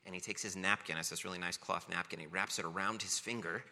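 A man's voice: low-pitched, steady tone, quick pace, gravelly, bright, forceful tone. A man preaching a sermon, telling family stories with playful self-mockery before turning to teaching. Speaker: pastor. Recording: long reverb of a large hall.

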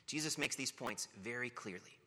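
A man's voice: medium pitch, lively intonation, normal speed, pushed and bright, slight background noise. A man preaching a sermon, telling family stories with playful self-mockery before turning to teaching. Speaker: pastor. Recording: long reverb of a large hall.

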